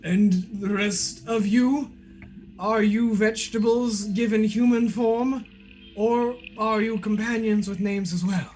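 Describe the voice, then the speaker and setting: A man's voice: high-pitched, fairly even intonation, takes it slowly, darkish tone, faint music behind. A man voicing a portly, bald, eccentric male alchemist who speaks in a grandiloquent, theatrical way. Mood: courtly. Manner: grandiloquent, theatrical, swooping outbursts.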